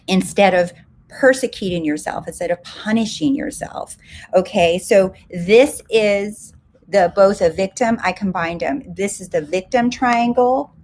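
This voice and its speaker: A woman giving an emphatic coaching talk, often asking rhetorical questions and acting out inner self-talk. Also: mid-range voice. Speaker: success coach.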